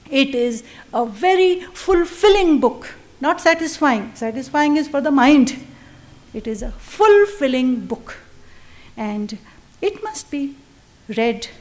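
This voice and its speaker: High-voiced woman giving a slow lecture. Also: darkish tone. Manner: earnest and reverent, slows down to recite verse. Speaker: guest speaker. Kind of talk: public lecture. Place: lecture at a public affairs institute.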